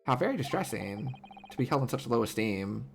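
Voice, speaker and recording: A man voicing a cold, haughty aristocratic male prosecutor in a game, speaking in a measured, disdainful, formal way. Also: mid-range voice, sing-song, vocal fry, a little hiss or hum.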